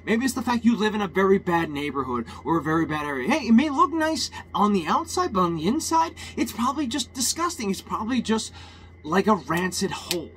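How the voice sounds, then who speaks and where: A man's voice: high voice, big pitch swings, a little fast, a bit bright, a little hiss or hum. A man ranting in a heated, rambling personal monologue, swearing often and restarting his sentences.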